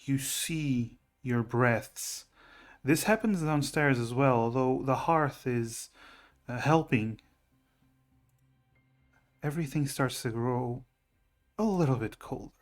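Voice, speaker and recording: A man running a tabletop game, telling the scene slowly and with care to build tension. His voice sits at a medium pitch and his pace is unhurried. He speaks into a streaming microphone. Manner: slow, deliberate, suspenseful storytelling. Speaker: game master.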